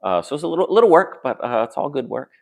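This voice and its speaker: A man who acts on stage answers interview questions in a relaxed, thoughtful way, pausing often with fillers and restarting his sentences. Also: medium pitch, vocal fry. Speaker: stage actor.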